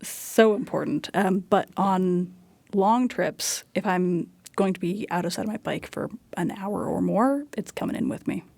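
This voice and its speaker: Careful, gravelly-voiced man. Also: sits high, unhurried, darkish tone. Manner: careful, hesitant, explains step by step. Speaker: cycling group guest. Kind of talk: casual radio guest talk.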